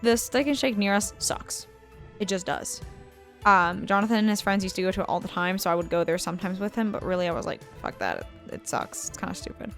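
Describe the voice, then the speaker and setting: A woman's voice: mid-range voice, fast, faint music behind. Give me a woman co-host casually telling a swear-heavy story while playing a game. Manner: profane, animated anecdote with acted-out quotes. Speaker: let's play co-host.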